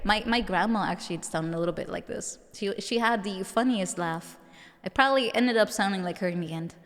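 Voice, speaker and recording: A woman's voice: mid-range voice, a little fast, fairly bright tone, long reverb tail. A woman streamer with a mature-sounding voice, chatting casually with viewers and giggling often.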